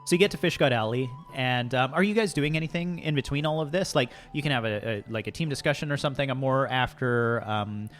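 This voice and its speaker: A man hosting a tabletop game as game master, with a middle-pitched voice. He rambles casually with many fillers, and quiet music sits faintly behind him. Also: quick pace, few pauses.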